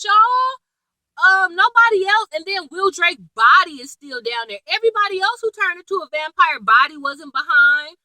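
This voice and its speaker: A woman casually recapping a TV episode in a chatty, animated way, laughing and full of slang and asides. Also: high voice, no room sound, poor audio. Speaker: TV episode reviewer.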